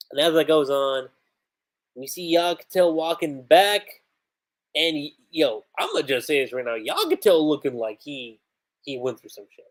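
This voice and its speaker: A man on a livestream, casually recapping and reading out comic panels, rambling with slangy asides. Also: fairly high pitch. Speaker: livestream manga reviewer.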